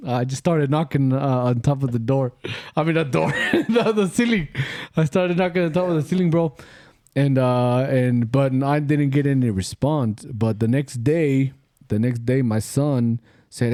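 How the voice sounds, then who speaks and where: A man's voice: medium pitch, normal speed, dark tone, dry recording. A middle-aged man hosting a podcast, telling ghost stories in a rambling, profane, slangy way and dropping in Spanish phrases. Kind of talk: casual storytelling chat.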